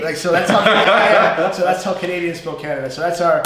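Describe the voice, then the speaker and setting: A man with a New York accent teaching a relaxed live English lesson, chatty and animated, often mimicking regional accents. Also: high-pitched, fairly quick, a crowd in the background. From USA. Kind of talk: live-streamed casual lesson. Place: language school classroom. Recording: very echoey room, faint noise.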